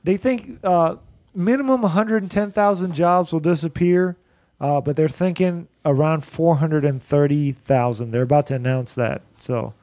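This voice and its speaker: A man hosting a podcast in casual chat, loud and energetic as he drives the conversation. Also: fairly high pitch, moderate pace, dry recording. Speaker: podcast host.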